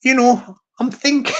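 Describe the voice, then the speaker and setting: A man chatting casually to his viewers as a streamer, rambling and halting with many restarts. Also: extremely high pitch, lo-fi sound.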